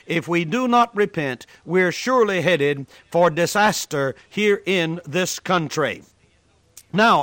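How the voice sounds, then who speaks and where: A man's voice: high voice, fairly bright tone, no echo. A man preaching a sermon, telling a story in an earnest, emphatic way.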